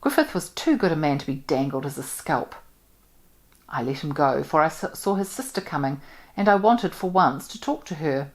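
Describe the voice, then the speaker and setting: A woman from New Zealand reading a novel aloud in an expressive, measured way. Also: sits low. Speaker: audiobook reader.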